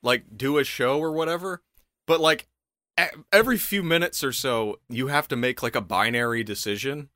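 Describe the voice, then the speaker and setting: A young man in casual comedic chat, telling an animated story full of laughter and swearing. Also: mid-range voice, moderate pace, dry recording, studio quality.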